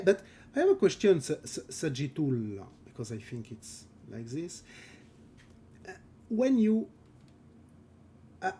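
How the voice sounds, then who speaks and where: A French-accented man talks through a live drawing stream in loose, casual English, stopping often to hunt for words and laughing along the way. His delivery is slow and unhurried, with a warm, mellow tone. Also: fairly high pitch, breathy edge. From France. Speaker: concept artist streaming live.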